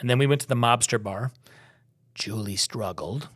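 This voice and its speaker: A man's voice: mid-range voice, normal speed, a bit bright. A middle-aged man from Minnesota co-hosting a travel podcast, telling stories in a rambling casual chat. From Minnesota, USA. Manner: rambling, storytelling with restarts.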